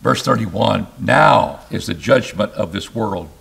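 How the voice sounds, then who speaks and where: A man preaching an expository sermon, reading scripture aloud and explaining it, with emphatic rises and sudden low drops. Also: a little slow, gravelly. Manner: animated, rising to emphatic bursts and dropping low.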